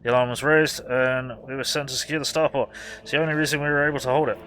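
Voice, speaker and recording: A man's voice: mid-range voice, steady tone, quick pace, a bit bright, close to an everyday voice, poor audio. A man voicing a brash, loyal male soldier sergeant who barks his orders and reports. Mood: reporting. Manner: barking, militaristic.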